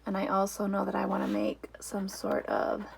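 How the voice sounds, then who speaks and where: A woman's voice: medium pitch, completely flat delivery, normal speed, vocal fry, a little hiss or hum. A woman in her thirties chatting casually as she walks through her home storage and pantry, thinking aloud with fillers. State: out of breath after the stairs. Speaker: homemaking vlogger. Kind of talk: casual walk-through vlog.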